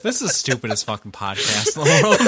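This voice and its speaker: Husky laughing man, wildly swinging pitch. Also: bright, forceful tone. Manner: crude, laughing, acts out quips. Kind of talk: casual podcast chat.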